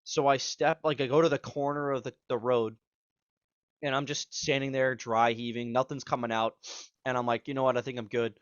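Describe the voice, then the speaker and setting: A young man co-hosting a podcast, spinning a long, rambling story full of swearing and acted-out lines. His voice sits at an ordinary middle pitch and comes through slightly dull and dry, with no room sound. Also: little pitch movement, brisk, clean tone, no room sound. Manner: rambling, profane, acts out quotes. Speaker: podcast co-host. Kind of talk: casual storytelling chat.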